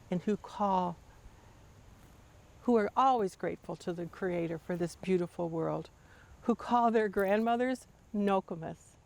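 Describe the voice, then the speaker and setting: An older woman telling a family story to her grandchildren in a measured, tender way. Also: on the low side, vocal fry, a little mellow, a little hiss or hum.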